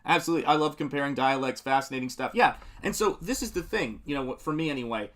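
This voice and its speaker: A middle-aged man talks casually on a live stream as he paints. His pitch sits in a typical middle range, and his talk wanders from point to point. He breaks off often to read out viewer comments and laughs easily. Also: expressive, fast, fairly bright tone. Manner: works on a painting while talking.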